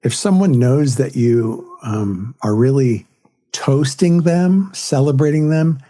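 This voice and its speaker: A man's voice: medium pitch, slow, mellow. A man, a comedian and author, telling anecdotes and jokes as a podcast interview guest. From California, USA. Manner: anecdotal, tells jokes with quoted voices.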